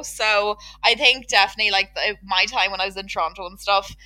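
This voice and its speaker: A woman's voice: mid-range voice, steady tone, a little fast, bright, forceful tone. A woman with an Irish accent in casual conversation as a podcast co-host, chatty and blunt, with lots of "like". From Ireland. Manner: chatty and blunt, with frequent "like" fillers.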